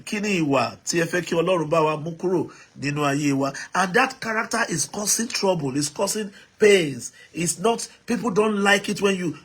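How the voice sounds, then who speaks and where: Husky Nigerian man hosting a live stream. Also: sits high, a bit bright. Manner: mixes English, Pidgin and Yoruba, repeats prompts to viewers. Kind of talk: live-stream chat reading viewer comments.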